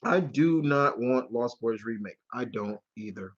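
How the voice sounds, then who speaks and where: A man's voice: mid-range voice, lively intonation, unhurried, muffled recording. A man hosting a live question-and-answer stream, chatting casually and rambling, with free swearing. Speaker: channel host.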